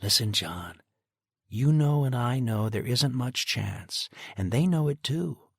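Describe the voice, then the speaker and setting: A man voicing an earnest middle-aged woman who gently but insistently pleads with a father. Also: mid-range voice, lively intonation, takes it slowly, vocal fry, husky, dry recording, clean studio sound, voice pushed up, heavily acted. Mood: pleading.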